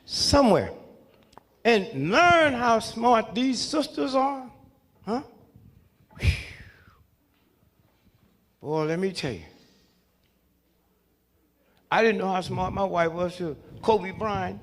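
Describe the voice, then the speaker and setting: A man's voice: high-pitched, gravelly. A man in his seventies, a comedian telling humorous stories to a live crowd in a folksy, chuckling way, often checking in with the audience. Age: 70s. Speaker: comedian and speaker.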